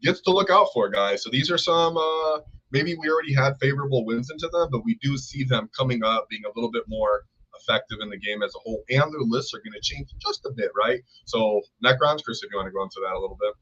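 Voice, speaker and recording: A man's voice: mid-range voice, quick pace, few pauses, fairly bright tone, slightly rough. A man co-hosting a casual live stream, talking enthusiastically, rambling and thanking viewers by name. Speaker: co-host. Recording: dull lo-fi stream audio.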